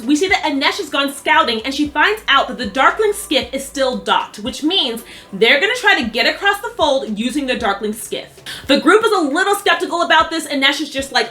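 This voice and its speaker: Bright, high young woman, sassy and animated, casual show recap vlogger.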